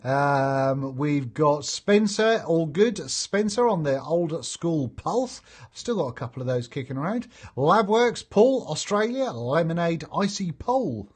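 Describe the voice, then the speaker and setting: A man's voice: on the high side, big pitch swings, measured pace, slightly rough. A man hosting a casual live stream, chatting and reading out viewer comments, jokey and laughing easily. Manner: chatty and jokey, laughs often, many fillers. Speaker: host of a live vaping stream.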